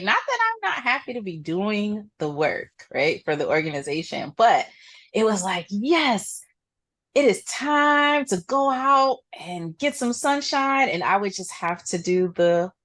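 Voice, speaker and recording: Bubbly woman guest with a low voice. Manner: bubbly, laughs easily, thinks aloud. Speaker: interview guest, employment programs manager. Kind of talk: casual interview chat.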